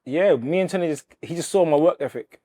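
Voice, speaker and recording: A man, a boxer telling stories of his career in a relaxed, chatty way. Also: a little high, brisk. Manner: relaxed, chatty storytelling with slang and laughs. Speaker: professional boxer. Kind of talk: interview and gym banter.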